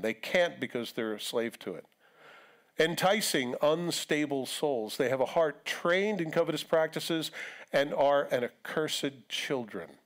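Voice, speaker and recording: A male pastor preaching a live sermon to his congregation in a conversational way, acting out quotes now and then. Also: fairly high pitch. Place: church sanctuary.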